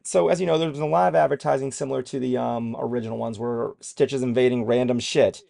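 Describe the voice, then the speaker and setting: A man's voice: mid-range voice, fairly even intonation, quick pace, creaky, dark tone. A man co-hosting a trailer reaction show in casual chat, rambling and self-deprecating and swearing freely as he goes.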